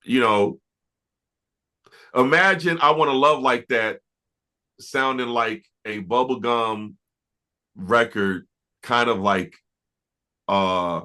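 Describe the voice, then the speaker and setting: A man, a music producer, telling stories in a relaxed interview, often restarting and filling with "you know". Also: medium pitch, slow pace, pauses often. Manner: relaxed, reflective, many fillers and restarts. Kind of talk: casual interview storytelling.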